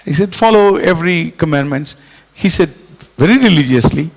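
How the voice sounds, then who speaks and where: A man preaching a sermon, animated and repetitive, dropping suddenly quiet. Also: a little high, normal speed. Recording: echoey hall with long reverb.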